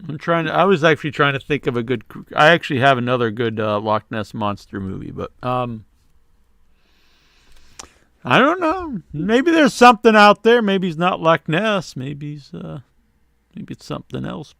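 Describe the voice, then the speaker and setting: A man co-hosting a casual podcast chat, animated, laughing often and stammering when he is unsure. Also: on the high side, normal speed, creaky, no room sound, studio quality. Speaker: podcast co-host.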